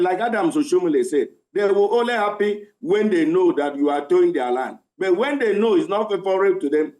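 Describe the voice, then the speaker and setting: A man's voice: high voice, a little mellow. A Nigerian man speaking for organised labour on a news panel, emphatic, repeating himself and restarting phrases as he presses his point. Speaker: labour union representative. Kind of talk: live news panel discussion.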